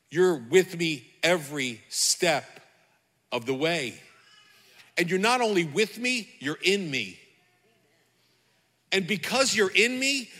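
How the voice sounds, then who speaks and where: A man's voice: high-pitched, sharp tone, in a large hall. A man preaching a sermon as pastor, fervent and repetitive, calling out to the congregation.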